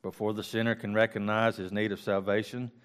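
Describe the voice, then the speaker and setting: A man teaching a Bible study, reading scripture aloud and then going back over it slowly with restarts and casual asides, recorded on a close microphone. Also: lowish voice, flat delivery, clear, resonant tone.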